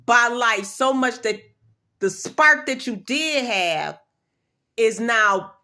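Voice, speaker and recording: A woman's voice: fairly high pitch, lively intonation, takes it slowly, bright, forceful tone. A woman vlogger giving an emphatic, repetitive motivational talk in blunt, slangy everyday speech. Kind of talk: motivational pep talk to camera.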